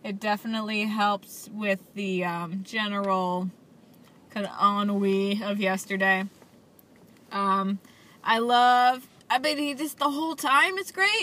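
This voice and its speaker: A young woman with a mid-range voice and a sharp tone chats casually in her daily video diary. She's a vlogger reviewing a film each day, rambling enthusiastically and using lots of fillers.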